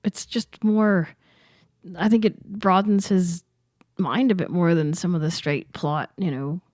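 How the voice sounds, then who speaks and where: A woman's voice: lowish voice, a little slow, darkish tone, no echo. Chatty woman telling stories, dry sound. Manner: chatty storytelling, laughs often. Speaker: podcast co-host. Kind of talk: casual chat.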